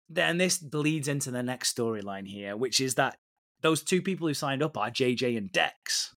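A man in a casual podcast chat, swearing freely and joking as he recaps a soap. He slips in and out of the characters' lines, and his pitch sits in a middle range for a man. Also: a bit bright. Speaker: podcast co-host.

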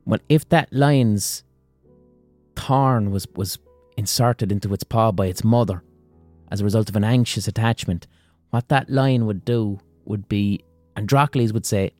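A man hosts a casual psychology podcast, telling a fable in frank talk full of swearing. His voice is low-key and mellow, recorded dry and close. Faint music plays underneath. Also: measured pace, dry recording. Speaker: podcast host.

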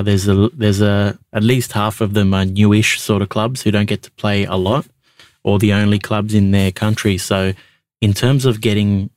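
A man's voice: fairly low pitch, a little mellow, no room sound, clean studio sound. An Australian man hosting a podcast call-in show, chatting in a laid-back, matey way. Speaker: podcast host. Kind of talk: casual call-in chat.

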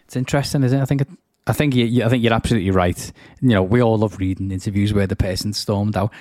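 A man's voice: fairly low pitch, steady tone, a little mellow, no echo. A British man co-hosting a comedy podcast, chatting wryly and laughing easily between reading script lines. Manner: wry, chatty, quick to laugh. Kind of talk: casual comedic chat.

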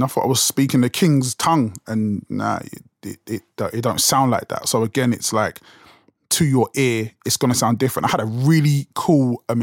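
A man's voice: medium pitch, no echo, clean studio sound. A young man with a London accent, talking casually as a podcast host, rambling with restarts and fillers. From England. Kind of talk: casual solo talk.

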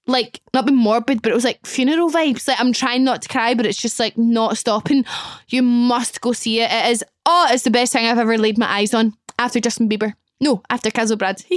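A woman's voice: on the high side, no echo, clean studio sound. Gushing Scottish woman in her twenties. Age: 20s. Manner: gushing, emotional, laughs often. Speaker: podcast host. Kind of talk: casual chat.

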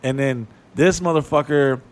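This podcast co-host speaks at normal speed in a fairly high-pitched voice, rambling through a long, crude anecdote in casual conversation. His manner is animated and full of frequent swearing.

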